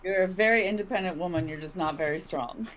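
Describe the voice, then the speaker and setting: A woman's voice: lowish voice, fast, a bit bright. A woman playing an online tabletop game, joking and teasing the others. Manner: teasing, laughing banter. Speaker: player. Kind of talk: casual game chat.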